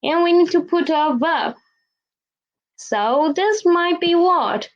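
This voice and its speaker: Slow, patient woman teaching Chinese. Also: very high voice, expressive, highs cut off. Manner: slow, questioning teacher talk with repeated drills. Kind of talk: online language lesson.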